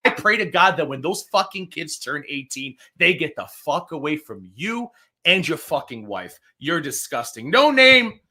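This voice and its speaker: Angry woman streamer ranting, bright voice that swings all over. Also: low-pitched, sing-song, normal speed. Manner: furious, swearing, emphatic. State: angry and fired up. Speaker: streamer co-host. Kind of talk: heated livestream rant.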